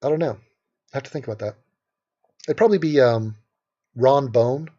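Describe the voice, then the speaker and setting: A man's voice: mid-range voice, normal speed, warm tone, husky. A man from Los Angeles hosting a casual livestream, brash and sarcastic as he reads out and answers questions from the chat. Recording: dull lo-fi stream audio.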